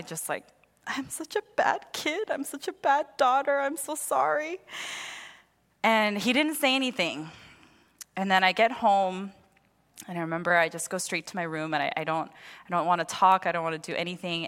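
A young woman preaching a sermon and telling a personal story in an animated way, acting out the voices of the people in it. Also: fairly low pitch, fairly quick. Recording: long hall reverb.

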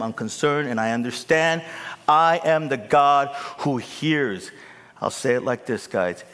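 A man preaching a sermon, swinging from loud, high emphatic peaks to low, casual asides. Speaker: pastor. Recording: long hall reverb.

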